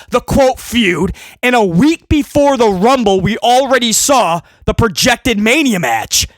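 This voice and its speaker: A man giving a heated, sarcastic wrestling rant that often breaks into shouting. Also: very high voice, dry recording. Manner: ranting, sarcastic, shouting at times. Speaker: wrestling commentator.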